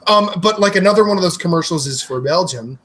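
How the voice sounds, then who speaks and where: High-voiced, animated young man. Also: fast talker, slight background noise, poor audio. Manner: animated, laughing, acts out ad lines. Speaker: podcast co-host. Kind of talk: casual chat.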